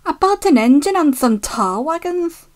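A woman's voice: sits high, animated, a little slow, voice pushed up. Woman voicing a cheeky, determined steam engine. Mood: teasing. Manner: teasing, grim and shouting when pushing.

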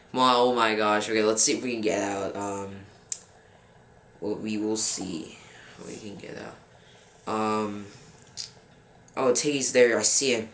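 Young man, casual gameplay commentary, halting grumbling delivery, echoey room. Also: on the low side, a bit bright. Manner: frustrated, rambling, fills pauses with um. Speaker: gaming channel host. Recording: roomy with faint background noise.

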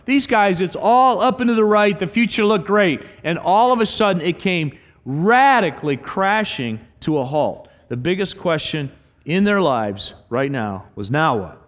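A man's voice: high voice, a little slow. A middle-aged man preaching a sermon as a pastor, telling stories with acted-out quotes. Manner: animated storytelling with acted quotes. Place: church sanctuary. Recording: long church hall reverb.

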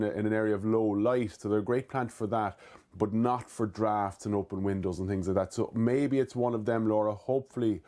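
An Irish man from Cork hosts a casual live gardening Q&A, chatting his way through viewers' questions. He often corrects himself mid-sentence, using fillers and restarts. His voice is lowish and a little mellow.

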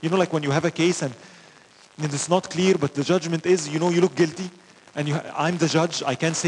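A faint hiss or hum underlies this recording of a man with a voice on the high side, talking a little fast. He's a religious teacher giving an Islamic lecture, telling animated stories laced with rhetorical questions and Arabic phrases.

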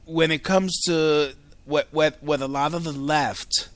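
A man from the United States hosts his own solo talk show, drawling slowly through a loose, profane rant. His voice sits fairly high for a man, and the recording is dry and close. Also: steady tone, dry recording. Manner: rambling, filler-heavy, profane. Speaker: podcast host.

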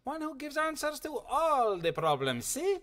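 A disguised stranger passing himself off as an Italian merchant, all theatrical put-on Italian accent and broken English. His voice sits very high for a man and bounces through a wide, lively range. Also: unhurried, exaggerated voice. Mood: coaxing. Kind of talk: game voice acting.

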